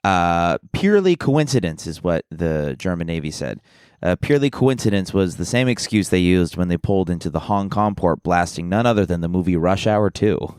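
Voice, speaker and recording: A man's voice: low voice, lively intonation, moderate pace, darkish tone, clear, resonant tone, no echo, clean studio sound. A man co-hosting a comedy podcast, joking crudely and riffing with his partner. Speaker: podcast co-host. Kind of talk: casual comedic chat.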